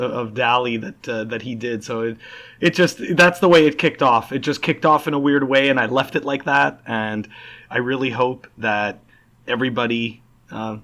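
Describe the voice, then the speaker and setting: A man's voice: mid-range voice, a bit bright. Upbeat rambling podcast host, man. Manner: rambling, upbeat, many fillers. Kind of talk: casual podcast interview.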